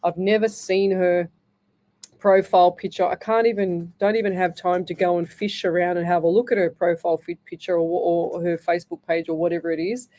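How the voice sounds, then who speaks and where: An Australian woman in middle age talks on a live radio show as a psychic medium, rambling, restarting and filling gaps. Her voice sits a little low and sounds mellow and warm. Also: little pitch movement, a little fast. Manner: rambling, with many restarts and fillers.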